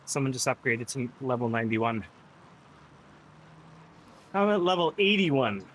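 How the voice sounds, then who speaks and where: A man's voice: medium pitch, animated, a little slow, fairly bright tone, slight background noise. A man live-streaming an indoor cycling ride, chatting casually with his viewers and riding partner and laughing often.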